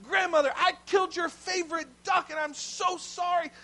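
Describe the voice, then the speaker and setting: A man voicing a panicked young boy caught in a lie, high, loud and pleading. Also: fairly even intonation, moderate pace. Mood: desperate.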